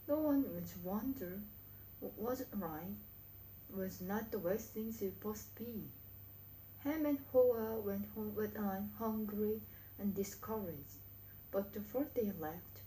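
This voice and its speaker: A woman with a Korean accent reading an English book aloud slowly and carefully, stumbling now and then. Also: mid-range voice, warm tone, reverberant, slight background noise, low-quality recording. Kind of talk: slow read-aloud practice of a book.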